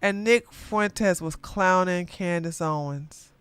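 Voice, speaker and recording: A woman hosting a casual livestream commentary, chatty and quick to laugh, with animated bursts. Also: lowish voice, clean tone, faint music behind.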